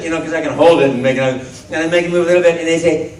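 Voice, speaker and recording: A man in his fifties speaking on a convention panel, animated, breaking into loud cartoon voices and then turning earnest and heartfelt. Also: on the high side, quick pace, background noise. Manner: earnest and heartfelt when reflecting. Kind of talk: animated panel talk to an audience. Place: large convention hall. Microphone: handheld phone in the audience. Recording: phone recording from far off in an echoey hall.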